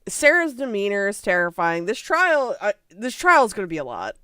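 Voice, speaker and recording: A woman's voice: mid-range voice, big pitch swings, normal speed, pushed and bright, clean tone, no room sound. A woman streamer giving casual reaction commentary, talking bluntly and swearing freely.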